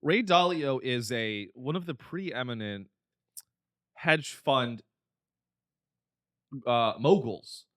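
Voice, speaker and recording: A man's voice: mid-range voice, animated, takes it slowly, long pauses, fairly bright tone, no echo, clean studio sound. A man hosting a podcast, ranting with profanity and exasperation, slipping into mocking voices of other people. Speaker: podcast host. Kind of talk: comedic rant.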